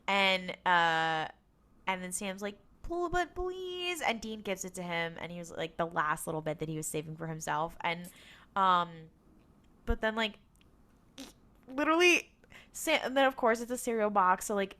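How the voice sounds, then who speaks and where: A woman's voice: on the low side, moderate pace, bright, forceful tone. A woman co-hosting a casual recap podcast, telling the story with lots of energy, acting out lines and laughing often. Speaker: podcast co-host.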